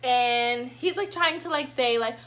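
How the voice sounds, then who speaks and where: A young woman vlogger telling a casual storytime, animated, and acting out her own past lines dramatically. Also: fairly high pitch, unhurried. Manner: animated, dramatic reenactments of herself.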